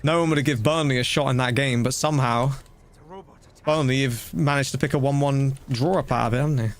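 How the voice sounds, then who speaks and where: A man's voice: medium pitch, fairly even intonation, soft background music. Chatty male gaming streamer. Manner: chatty, rambling, quick exclamations. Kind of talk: casual live-stream commentary.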